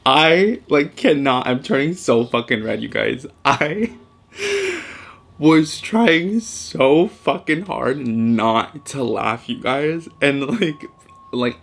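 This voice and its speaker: A man's voice: medium pitch, gravelly, fairly bright tone. A young man in his twenties, a vlogger telling a story casually and animatedly, swearing often and mixing in Spanish words.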